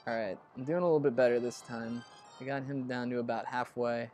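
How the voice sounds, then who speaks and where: Guy doing casual lets play commentary, rambly and chatty, cusses at the game sometimes, middle pitch, faint music in the back. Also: steady tone, a little fast, a little mellow. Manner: chatty and rambling, curses under his breath at the game. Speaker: let's play host.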